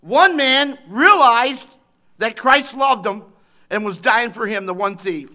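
High-pitched preacher guy, really bright cutting tone, goes from yelling to almost whispering, repeats himself for emphasis. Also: takes it slowly. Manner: swings from shouting intensity to hushed tenderness; emphatic, repetitive phrasing. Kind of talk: sermon.

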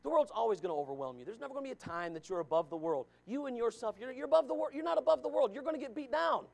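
High-voiced man preaching emphatically. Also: expressive, very fast, creaky. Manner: emphatic, repeats lines, calls out listeners by name. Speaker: pastor. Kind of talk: sermon.

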